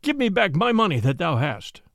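A grasping churchman full of scorn, voiced by a man reading aloud, who snaps sharp, sneering words. The voice is high and lively with gravel in it, captured dry and close. The whole thing sounds like an old-style tale told aloud. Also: normal speed, no room sound, exaggerated voice. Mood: angry.

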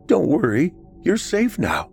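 A man voicing a female rescue worker who soothes a frightened child in soft, hushed tones. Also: on the high side, huge pitch swings, measured pace, vocal fry, soft background music, pitched above the performer's own voice, full character voice. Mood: soothing.

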